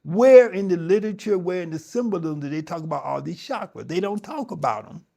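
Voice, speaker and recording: A man's voice: high-pitched, expressive, fairly quick, gravelly, warm tone. A middle-aged man teaching yoga, talking conversationally and emphatically to his audience, often restarting his sentences. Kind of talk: spoken talk to a yoga audience.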